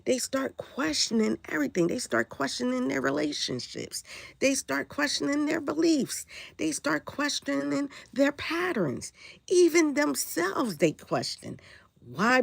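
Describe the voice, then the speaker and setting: A woman with a flu-raspy voice hosting a casual spiritual livestream, preaching and checking in with her viewers. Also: fairly high pitch, no echo. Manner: preachy, asks viewers if they follow.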